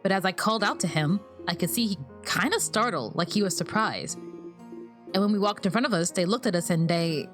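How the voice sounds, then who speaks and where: A woman reading as a halting young man. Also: medium pitch, fairly bright tone, faint music behind, voice pushed down, lightly acted. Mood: uneasy. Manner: hesitant, halting. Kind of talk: reading game dialogue aloud.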